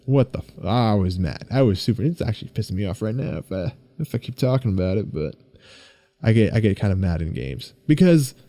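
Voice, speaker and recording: A young man hosting his own podcast, chatting casually and excitably, rambling and swearing freely. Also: lowish voice, brisk, dry recording, studio quality. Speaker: podcast host. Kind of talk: casual solo podcast chat.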